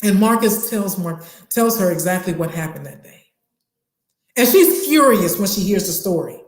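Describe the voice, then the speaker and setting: A woman's voice: medium pitch, normal speed, roomy sound. A woman telling a personal story from her time as a teacher and coach, acting out the dialogue as she goes. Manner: animated retelling with acted dialogue.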